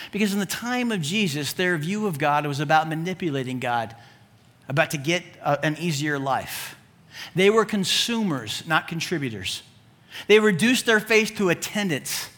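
A male pastor preaches with lively, joking energy, punching some phrases loudly and dropping low for asides. His voice sits high and sounds bright. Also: normal speed. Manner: animated and humorous, swinging between loud emphasis and low asides. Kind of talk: sermon.

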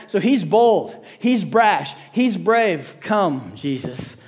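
A man preaching a sermon, animated, acting out quoted voices and dropping to soft low asides. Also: takes it slowly, hardly any pauses. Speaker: pastor.

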